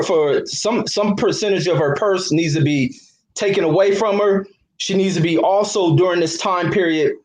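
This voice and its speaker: A man co-hosting a boxing talk stream, chatting casually and haltingly with repeated starts. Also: a little high, darkish tone, a little hiss or hum, rough recording. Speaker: co-host. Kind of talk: casual chat.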